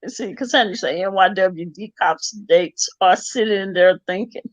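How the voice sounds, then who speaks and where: A man's voice: high voice, moderate pace, no echo. A man hosting a casual chat show, talking hesitantly with lots of giggling. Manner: giggly, hesitant, repeating himself. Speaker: show host. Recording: dull lo-fi sound.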